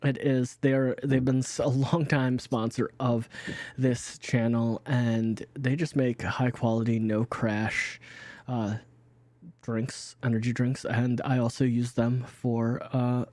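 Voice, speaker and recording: A man's voice: mid-range voice, mellow, no echo. Guy with hiccups rambling thru sponsor reads, keeps restarting, dry close sound. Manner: rambling, restarts, laughs easily. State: has the hiccups. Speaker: game master. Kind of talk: casual sponsor read.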